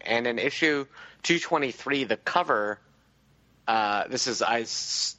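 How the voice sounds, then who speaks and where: Bright-voiced casual podcast co-host. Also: male voice, on the low side. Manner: casual, profane, digressive. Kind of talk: casual chat. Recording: dull lo-fi podcast audio.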